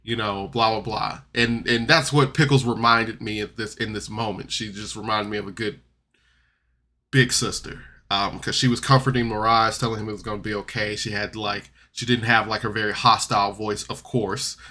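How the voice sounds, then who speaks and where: A man recapping a tabletop game podcast episode in a loose, rambling way, jumping between loud outbursts and mumbled asides. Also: fairly low pitch, steady tone, normal speed. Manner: rambling, loose, full of "like" and restarts. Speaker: podcast reviewer. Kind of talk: casual recap and commentary.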